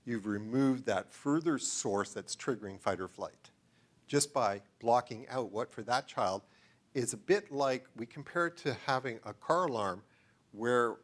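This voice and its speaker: A middle-aged man giving an enthusiastic, digressive lecture in a room full of listeners, often stopping to ask them questions. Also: medium pitch. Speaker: researcher giving a talk. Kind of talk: lecture to a live audience.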